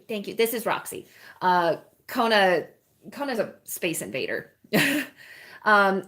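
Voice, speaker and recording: A woman in mid-pitch chats with her stream viewers while she paints at home. Her talk rambles from thought to thought, with easy laughs and soft baby talk to the dogs. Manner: chatty and rambling, often laughing and cooing to puppies. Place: indoors at a home.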